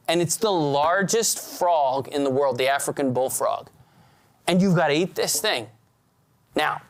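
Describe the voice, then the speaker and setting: Guy giving a pep talk to students, acts out stories, voice jumps way up and down. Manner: animated storyteller who swings his pitch widely and acts out scenes. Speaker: speaker at a student leadership event.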